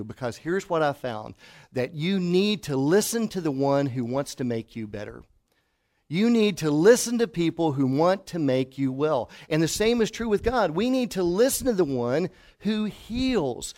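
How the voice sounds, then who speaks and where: Middle aged pastor guy preaching, kinda high voice, tells stories, goes real quiet to make a point. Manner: storytelling preacher, drops to a hush for emphasis. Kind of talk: sermon. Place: church hall before a congregation.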